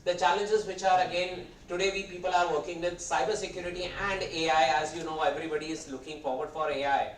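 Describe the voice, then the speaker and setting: A man in his fifties with Indian English, his voice a little high and his throat sore, gives a conversational guest lecture. He talks fast with fairly even intonation and hardly any pauses, rambling hesitantly from point to point. He's picked up from a distance in a reverberant hall with a faint hum of ambience.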